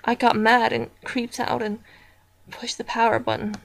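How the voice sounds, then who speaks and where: A woman reading a horror story aloud as narrator, in a slow, deliberate storytelling manner. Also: fairly high pitch, level tone, creaky.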